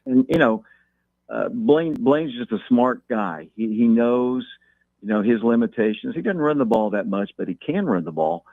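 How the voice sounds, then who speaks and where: A man calling in as a guest, talking football in a measured way and repeating words as he thinks. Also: mid-range voice, lively intonation, no room sound. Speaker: guest talking local high school football. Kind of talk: phone-in interview. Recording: tinny phone line.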